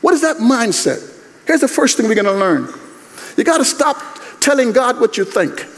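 A man's voice: very high voice, sing-song, moderate pace. A male pastor giving a chapel sermon, preaching emphatically and conversationally with many rhetorical questions. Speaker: guest chapel speaker, pastor. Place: university chapel. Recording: echoey hall.

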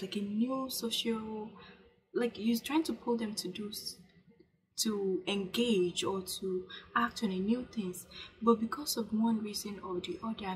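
A woman's voice: medium pitch, rough recording. Earnest young woman giving self-care advice. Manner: earnest, repeats herself, many fillers; coaching, urges viewers to speak aloud. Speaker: vlogger. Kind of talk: casual self-help talk to camera.

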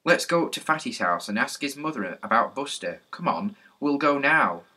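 A man voicing a brisk, blunt schoolboy in a children's storybook reading. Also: medium pitch, animated, pushed and bright, slightly rough, voice pushed up. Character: bossy older schoolboy, blunt.

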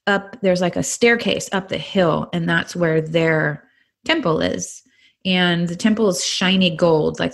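Guesting on a podcast interview, a middle-aged woman from California tells her personal testimony earnestly and with animation, in a lowish, creaky voice.

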